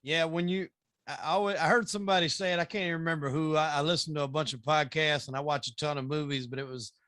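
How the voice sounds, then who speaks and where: A man's voice: on the high side, fairly even intonation, fast talker, pushed and bright, clean tone, no echo, clean studio sound. A man hosting a podcast, chatting casually and restarting his thoughts as he looks for the words. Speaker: podcast host. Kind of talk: casual interview chat.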